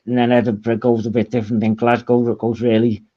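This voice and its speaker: A man's voice: medium pitch, little pitch movement, a little fast, mellow. A man with a Liverpool accent chatting casually in his living room and laughing often. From Liverpool, England. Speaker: musician and host. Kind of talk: casual chat. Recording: dull dry lo-fi audio.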